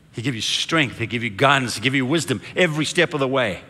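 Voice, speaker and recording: A man preaching a sermon in a relaxed, conversational way, telling stories and acting out the voices of the people he quotes. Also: medium pitch, fast, hardly any pauses. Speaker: pastor. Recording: long reverb of a large hall.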